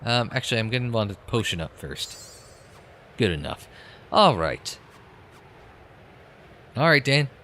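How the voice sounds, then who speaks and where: A man's voice: medium pitch, big pitch swings, measured pace, long pauses, pushed and bright. A man commentating his game playthrough with sarcastic, sweary asides and reading the dialogue aloud. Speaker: let's play commentator.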